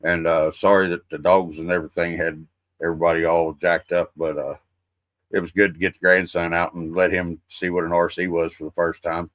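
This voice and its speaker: Brief: middle-aged male host, folksy and profane, rambling chat, bright edge. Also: deep voice, little pitch movement, brisk, dry recording. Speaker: livestream host. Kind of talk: casual livestream chat.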